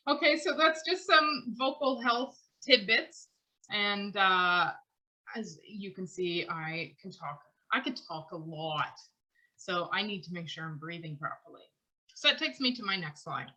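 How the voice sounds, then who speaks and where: A woman's voice: medium pitch, unhurried, bright, forceful tone, low-quality recording. A woman teaching a vocal class, talking in long run-on phrases and laughing between thoughts. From Canada. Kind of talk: online class lecture.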